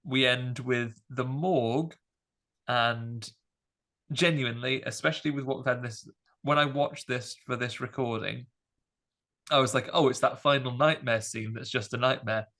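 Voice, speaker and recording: A man hosting a podcast, chatting casually about a film in a rambling, animated way with many fillers. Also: mid-range voice, moderate pace. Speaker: podcast host. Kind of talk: casual film review chat.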